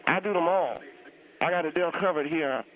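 A man's voice: fairly high pitch, fairly quick, close to an everyday voice. A man voicing a cranky, church-going elderly aunt who calls in and grumbles bluntly about everything. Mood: gossipy. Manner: blunt, grumbling, rambling complaints. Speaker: caller. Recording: tinny phone line.

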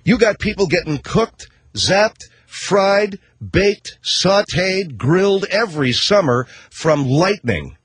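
Middle-aged male talk host, rambling sarcastic comic rant, husky and very animated in pitch. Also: takes it slowly, few pauses, dry recording. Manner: rambling, sarcastic, swears casually, self-interrupting. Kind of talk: comedic rant monologue.

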